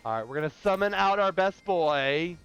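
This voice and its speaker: A man's voice: sits high, expressive, normal speed, a bit bright, clear, resonant tone. A man streaming a game, chatting casually and gushing emotionally to his viewers, calling them darlings. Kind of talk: casual let's-play commentary. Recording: muffled lo-fi with faint game music.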